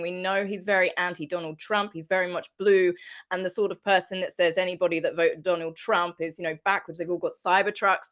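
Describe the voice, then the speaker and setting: A woman with a mid-pitched voice speaks as a guest commentator. Her delivery is scornful and sarcastic. She presses every point with emphasis. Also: fairly bright tone. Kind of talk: opinion commentary.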